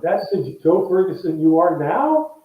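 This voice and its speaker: A man's voice: high voice, sing-song, measured pace, voice pushed up. A man voicing a tough grown man who is surprised and moved, on an echoey, distant, dull line.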